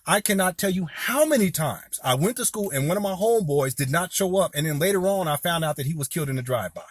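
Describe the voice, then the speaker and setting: A man's voice: a little high, expressive, quick pace, slightly rough, no echo, studio quality. A man in his forties from Southern California giving heated, rambling commentary straight to his viewers, talking to them as "y'all". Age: 40s. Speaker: video commentator. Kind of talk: impassioned direct-to-camera commentary.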